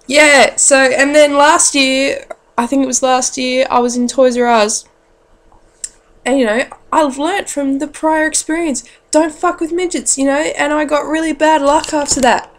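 A woman's voice: sits high, steady tone, a little slow. A woman telling a rambling, profane story to camera in a blunt, casual way. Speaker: parent.

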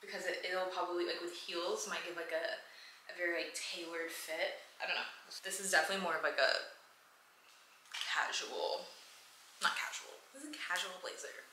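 A woman's voice: fairly low pitch, fairly even intonation, normal speed, bright, forceful tone. A young woman in her twenties chatting casually to camera in a rambling, filler-heavy way about hair and outfits, sometimes swearing. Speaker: lifestyle vlogger. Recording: echoey room, faint ambient noise.

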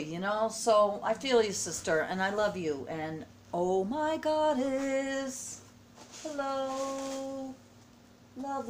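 A woman's voice: medium pitch, slight background noise. A middle-aged woman vlogging at home, opening a package with gushing, emotional exclamations. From United States. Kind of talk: casual vlog unboxing. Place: at home indoors.

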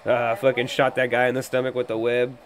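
A man hosting a podcast, reacting casually to a movie trailer. He thinks out loud, gets excitable and swears constantly. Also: mid-range voice, fairly quick, slight background noise. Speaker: podcast host.

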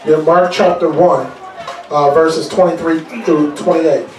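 A man preaching a deliverance sermon in a church hall, lively and preachy, breaking into jokes with laughter. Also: fairly high pitch, measured pace. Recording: echoey room, mic far off, faint music.

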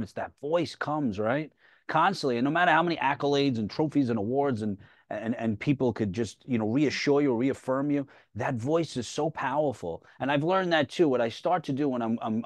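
A man hosts a conversational interview, responding to his guest in an affirming way and adding light self-deprecating humor. His voice is at an ordinary middle pitch, and the recording is dry, with no room echo. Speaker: podcast host.

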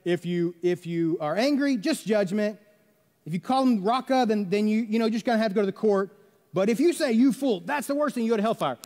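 A man's voice: high voice, lively intonation, a little fast, darkish tone. A male pastor, preaching a conversational sermon full of rhetorical questions and quoted voices. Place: church sanctuary. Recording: reverberant church sanctuary.

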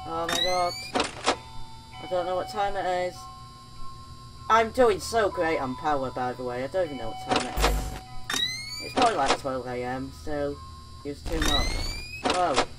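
Woman gaming host, excitable, talks to herself, low-ish pitch. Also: moderate pace, long pauses, loud music behind the voice, poor audio. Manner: jumpy, excitable, talking to herself. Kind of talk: horror game let's play commentary.

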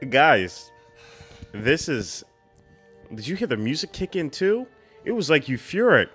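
A man's voice: a little high, big pitch swings, measured pace, fairly bright tone, husky, soft background music. A man hosting a reaction video, exclaiming and chatting in casual slang about what he watches.

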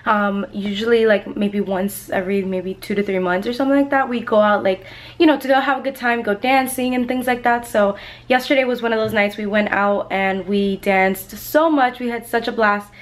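A woman's voice: mid-range voice, fairly even intonation, normal speed. Chatty young woman vlogging. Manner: chatty, rambling with many ums and likes. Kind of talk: casual chat.

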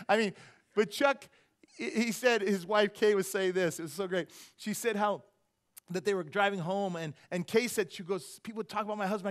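A man's voice: high-pitched, quick pace. A middle-aged man preaching a sermon as senior pastor, telling stories and acting out quotes with laughs. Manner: animated storytelling, acts out quotes with laughs. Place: church sanctuary.

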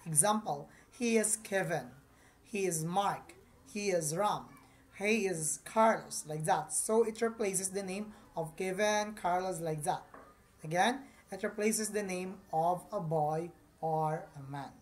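Woman, grammar teacher, slow and patient, slightly low voice. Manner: patient, repeats points, addresses viewers as class. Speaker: English teacher.

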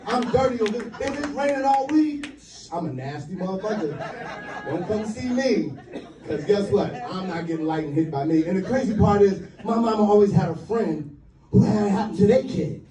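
A man's voice: sits high, lively intonation, normal speed, distant mic. A man in his fifties from the US East Coast, a stand-up comedian telling loose, profane stories with a laugh in his voice. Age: 50s. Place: live comedy club with audience. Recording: roomy live stage mic, crowd.

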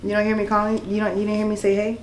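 A woman's voice: medium pitch, completely flat delivery, rapid-fire, reverberant, noisy background. A young woman filming a casual prank vlog, pestering someone with the same questions again and again. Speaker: vlogger.

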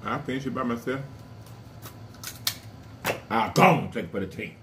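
A man's voice: medium pitch, noisy background. A man hosting an eating vlog, talking playfully to his viewers between bites. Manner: playful, addresses viewers as y'all, food-filled pauses. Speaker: mukbang vlogger. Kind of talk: casual chat while eating on camera.

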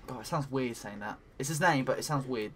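A man giving let's play commentary while he plays, talking to himself, swearing often and breaking into excited cries. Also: medium pitch, brisk. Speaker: gaming commentator.

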